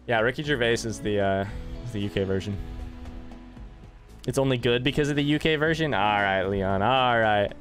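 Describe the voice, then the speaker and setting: Young man streamer, mid-pitch voice, chatty and profane, reads chat aloud, panics during play; faint music under him. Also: moderate pace, a bit bright. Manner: swearing, reads chat aloud, frantic outbursts. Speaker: gaming streamer. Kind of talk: casual live-stream commentary.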